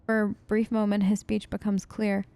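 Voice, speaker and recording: A woman's voice: medium pitch, monotone, moderate pace, dark tone, smooth. A woman hosting a let's play, chatting casually and reading game text aloud with restarts and asides.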